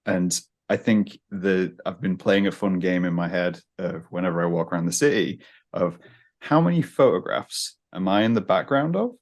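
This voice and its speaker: A man's voice: low voice, normal speed. A man with a light British accent, hosting a podcast and chatting casually, often restarting his sentences and laughing as he talks. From United Kingdom. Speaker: podcast host. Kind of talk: casual chat. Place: New York.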